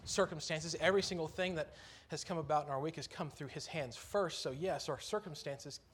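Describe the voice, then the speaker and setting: A man's voice: a little high, fairly quick, a bit bright, breathy edge. A man preaching a sermon in church, earnest and conversational, lifting his voice on key phrases.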